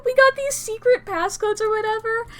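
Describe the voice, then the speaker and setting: A woman streamer giving animated, swearing, laugh-filled commentary while playing a game. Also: very high voice, normal speed. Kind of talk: casual let's-play commentary.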